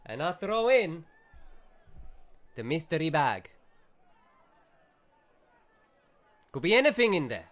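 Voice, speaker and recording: A man voicing a burly, hairy shopkeeper who haggles loudly in a put-on Italian accent. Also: very high-pitched, steady tone, racing, pitched above the performer's own voice. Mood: wheedling. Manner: loud, blustering mock-Italian haggling.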